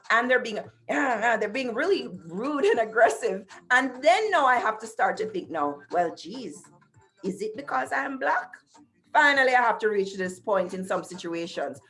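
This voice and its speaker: A middle-aged woman hosts a casual talk show over a video call, picked up by her computer mic. Her voice is a little high and fairly bright, and she tells stories emphatically while speaking straight to her audience.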